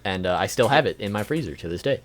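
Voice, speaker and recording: A young man hosting a laid-back podcast chats playfully and laughs often, his pitch moving widely. He tells his own stories in an easy, joking way. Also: animated, fast. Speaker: podcast host. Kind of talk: casual podcast chat.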